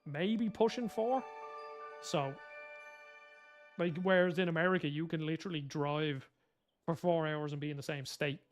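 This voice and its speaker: A young Dublin Irish man with a high voice talks in a loose, rambling way, piling up fillers and correcting himself mid-sentence. Faint music plays quietly behind him. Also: normal speed, pauses often. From Ireland. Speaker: gaming YouTuber. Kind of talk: casual chat.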